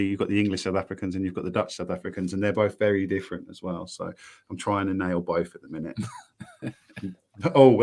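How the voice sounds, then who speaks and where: Male podcast co-host, deep radio voice, rambling and self-deprecating, casual chat. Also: creaky.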